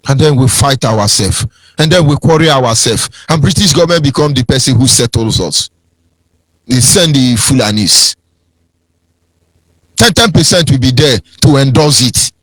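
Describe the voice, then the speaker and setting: A man's voice: medium pitch, no echo. A man with a Nigerian accent giving an impassioned, preachy political talk on radio, swinging into sing-song mockery. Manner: preachy, sing-song, mocking impressions of others. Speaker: radio broadcast speaker.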